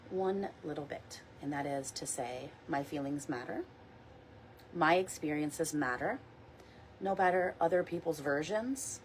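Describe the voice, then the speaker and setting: A woman leading a guided meditation, speaking softly and slowly and repeating calm mantras. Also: low-pitched, slight background noise, poor audio. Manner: soft, slow, reassuring, repeats mantras. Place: outdoors or near a window in wind.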